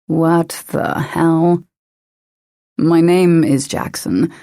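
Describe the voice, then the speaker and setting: A woman narrator voicing a calm male investigator who asks patient, coaxing questions. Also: deep voice, drawn-out words, no echo, studio quality, full character voice. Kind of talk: audiobook character voice.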